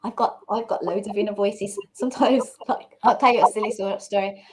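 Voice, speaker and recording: A middle-aged woman hosting a casual chat, playful and quick to laugh. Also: medium pitch, fairly even intonation, a little mellow, slight background noise, poor audio. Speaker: host.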